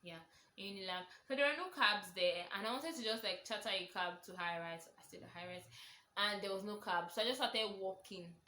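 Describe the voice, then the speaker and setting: Nigerian woman in her twenties, casual storyteller, animated, bright tone, roomy echo with a faint hum behind her. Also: brisk. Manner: animated, voices people in her story with big pitch jumps. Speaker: vlogger.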